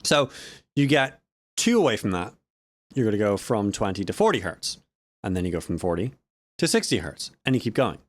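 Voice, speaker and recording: A man's voice: on the low side, big pitch swings, moderate pace, long pauses, dry recording. A man casually explaining audio harmonics in a vlog, rambling and correcting himself with joking asides. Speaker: audio student vlogger.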